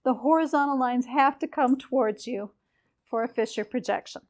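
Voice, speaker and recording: A woman's voice: high voice, normal speed, a little mellow. A woman lecturing a chemistry class in a casual, explanatory way, with a few fillers as she goes.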